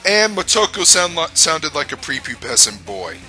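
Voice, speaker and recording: A man's voice: on the high side, big pitch swings, moderate pace, sharp tone, faint music behind, low-quality recording. A man giving a casual review rant, rambling, blunt and profane, with frequent restarts. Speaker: anime reviewer.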